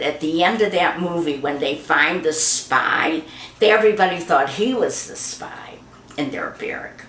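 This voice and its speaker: During an interview, an older woman tells reminiscing stories in a chatty way, giving voice to the people she quotes. Her low voice is expressive and a bit bright, moving a little slowly. Roomy echo colours the recording.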